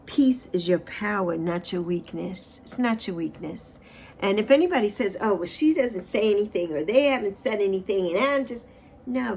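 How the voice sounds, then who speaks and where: A woman's voice: creaky, a little hiss or hum. A woman in her sixties hosting a spiritual livestream, giving an uplifting tarot card reading and chat, repeating phrases and stretching words for emphasis. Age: 60s. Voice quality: expressive, swings pitch and loudness for emphasis. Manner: repeats phrases, drawn-out affirmations.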